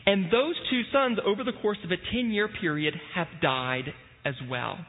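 A male pastor preaching a sermon in a church, telling a story with lively energy and the occasional "uh.". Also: high-pitched, moderate pace. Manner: storytelling, animated, with frequent filler "uh". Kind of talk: sermon with scripture reading. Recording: tinny phone-like sound in a reverberant hall.

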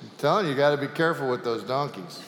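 A man's voice: mid-range voice, lively intonation, fast talker, background noise. A male pastor preaching a sermon in a church sanctuary, telling a folksy joke-filled story. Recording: echoey sanctuary with long reverb.

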